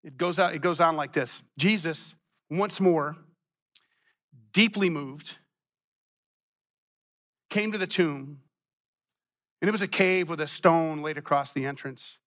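A male pastor preaching a sermon, emphatic and repetitive, swinging between loud and quiet passages. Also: a little high, slow, pauses often.

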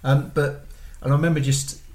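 A man's voice: fairly high pitch, flat delivery, brisk, darkish tone. An older man telling long, rambling stories full of ums and restarts in casual family podcast chat. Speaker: podcast co-host, father.

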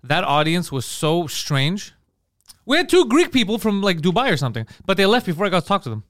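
A man co-hosting a casual comedy podcast, telling animated stories and slipping into mocking voices. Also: sits high, a little fast, dry recording, clean studio sound. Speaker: podcast co-host.

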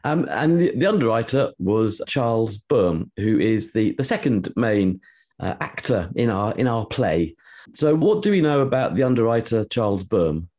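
A male podcast host with a low, mellow voice. He sounds relaxed as he sets up each question for his guest. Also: moderate pace. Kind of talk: conversational interview.

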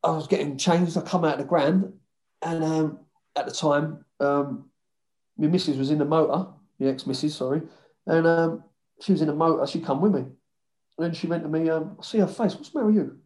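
A former footballer tells rambling stories from his playing days. He swears freely and keeps his tone loose and chatty. His voice sits a little high for a man. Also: steady tone, normal speed, darkish tone. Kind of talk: casual storytelling interview.

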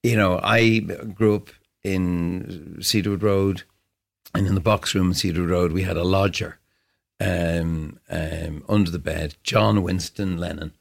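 A man with a very low, gravelly voice talks reflectively as a guest in an interview. He circles his thoughts, restarting phrases as he searches for the right words, and the fry in his voice stays through every line. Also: fairly even intonation, unhurried. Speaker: guest musician. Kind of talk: casual interview conversation.

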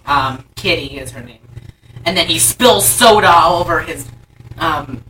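Rambling, profane woman, bright and distant. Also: deep voice, lively intonation, measured pace, slight background noise. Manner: rambling, profane, acts out characters' lines. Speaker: podcast co-host recapping a movie. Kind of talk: casual chat.

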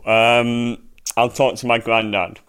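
A man's voice: mid-range voice, flat delivery, slow, fairly bright tone, clean tone. A man co-hosting a comedy podcast, dry and self-deprecating in casual banter. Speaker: podcast co-host.

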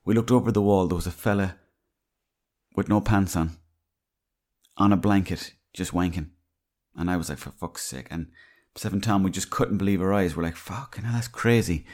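A man's voice: low-pitched, fairly even intonation, normal speed, pauses often, a little mellow. An Irish man hosting a podcast, telling rambling, salty anecdotes in a casual monologue. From Ireland. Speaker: podcast host.

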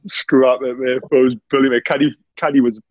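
A man's voice: medium pitch, flat delivery, brisk, dry recording, highs cut off. A man telling stories in a casual chat, laughing often and saying "mate" constantly. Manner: laughs a lot while telling anecdotes, says "mate" constantly.

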